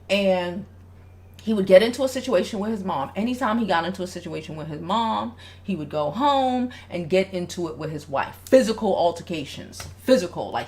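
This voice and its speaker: A woman hosting a casual advice livestream, speaking bluntly with a lot of swearing and reading viewer comments aloud. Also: on the low side. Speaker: relationship advice host.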